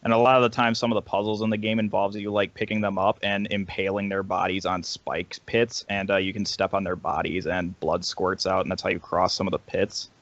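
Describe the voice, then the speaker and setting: A man on a casual podcast call, describing things in a rambling, animated way. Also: low voice, brisk, hardly any pauses. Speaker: podcast guest. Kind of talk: casual group podcast chat. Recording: dry, dull lo-fi call audio.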